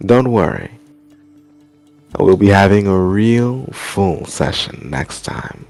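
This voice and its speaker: A man with a fairly low voice wraps up a tabletop session as game master, his throat strained from hours of talking. He teases his players with quick, wry asides. Faint music plays behind him. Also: expressive, creaky, a little mellow. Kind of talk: casual chat after a tabletop session.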